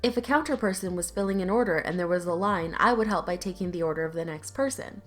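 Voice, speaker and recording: A woman's voice: on the low side, quick pace, a bit bright, faint music behind. A woman narrating online stories aloud in a conversational, lightly sarcastic reading style, with casual asides. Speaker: YouTube story narrator.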